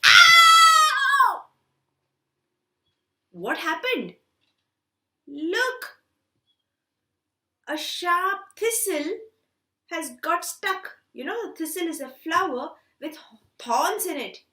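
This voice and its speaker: Woman storyteller for kids; high, bright, slow and animated, recorded in an echoey room. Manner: animated, asks children questions. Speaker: storytelling teacher. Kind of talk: storytelling for children.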